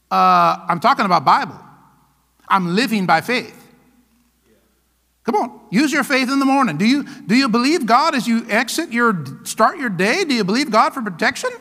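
A man's voice: very high voice, expressive, normal speed, creaky, pauses often, bright, forceful tone, long reverb tail. A pastor preaching a sermon, emphatic and calling out to his congregation for answers. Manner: emphatic call-and-response preaching.

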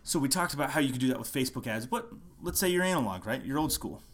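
A man's voice: mid-range voice, animated, fast talker. A man who is a musician gives a casual, passionate marketing lesson at home late at night, hammering home his points by repeating them. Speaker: musician teaching online marketing. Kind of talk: casual marketing talk to camera.

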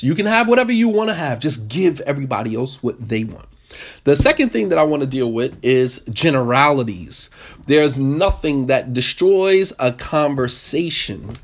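A man giving a lively, interactive talk on marriage to a group, questioning the audience and repeating points for emphasis. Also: mid-range voice. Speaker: marriage workshop speaker.

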